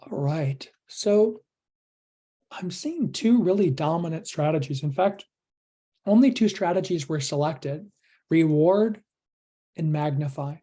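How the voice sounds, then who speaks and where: Low, mellow woman coaching a workshop. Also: animated, takes it slowly, long pauses. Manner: earnest, coaching, uses rhetorical questions. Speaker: workshop presenter. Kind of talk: online workshop teaching.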